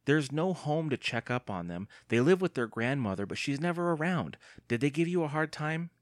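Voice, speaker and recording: A man's voice: a little high, very animated, normal speed, no room sound, clean studio sound, voice pushed up. A man voicing a feisty, tough young girl who talks bluntly and scornfully. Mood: disgusted.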